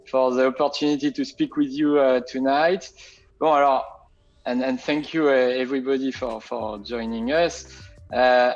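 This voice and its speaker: A man's voice: medium pitch, highs cut off. A man with a French accent, a native French speaker, presenting as a winemaker over a video call, hesitant and full of fillers and French interjections. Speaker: winemaker guest.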